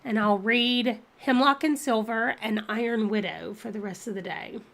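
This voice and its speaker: A woman with a somewhat high voice hosts a casual readathon livestream. She rambles in a friendly way, thinking aloud about her plans as she goes. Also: normal speed, creaky. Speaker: book channel host.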